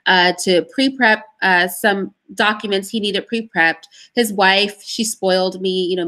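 A woman answering as an interview guest, telling stories in an emphatic, animated way. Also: mid-range voice. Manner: emphatic, animated storytelling with pauses.

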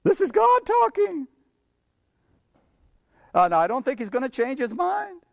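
High-voiced emphatic man preaching. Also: huge pitch swings, unhurried, creaky, darkish tone, no room sound, studio quality. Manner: emphatic, blunt, chuckles between points. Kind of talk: sermon with Bible reading.

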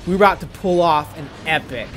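A man giving casual gameplay commentary, excitable and quick to swear, stammering and restarting when worked up. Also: on the high side, soft background music. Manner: excitable, swings from gleeful to furious ranting. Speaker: gaming YouTuber.

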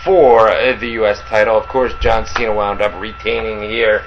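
A man's voice: lowish voice, level tone, moderate pace, highs cut off, a little hiss or hum. A man co-hosting a casual wrestling talk show, rambling with many fillers and restarts. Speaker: podcast co-host.

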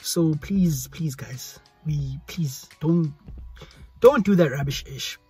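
Husky-voiced young South African man. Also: fairly high pitch, slow pace, mellow, faint music behind. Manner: chatty, rambling, repeats pleas. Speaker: YouTuber. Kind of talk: casual vlog talk to camera. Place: hot indoor room. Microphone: phone selfie camera.

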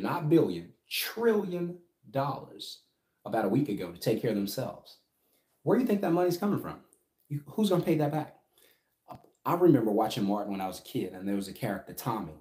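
A man's voice: mid-range voice, dark tone. A middle-aged man giving an emphatic, casual business lesson on a livestream, often checking in with "right?". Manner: emphatic, keeps asking "right?". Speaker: business coach. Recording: echoey room.

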